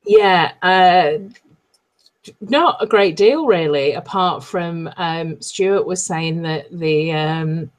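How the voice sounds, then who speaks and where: Low-pitched woman, chatty panelist on a video call, laughs a lot. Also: takes it slowly. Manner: chatty, laughs often, acts out quotes. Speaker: guest panelist. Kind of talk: casual live video-call discussion.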